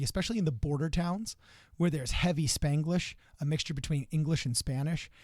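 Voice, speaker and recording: A man's voice: on the high side, a little mellow, no room sound, clean studio sound. A man co-hosting a casual political podcast, chatty and storytelling, dropping in Spanish phrases. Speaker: podcast co-host.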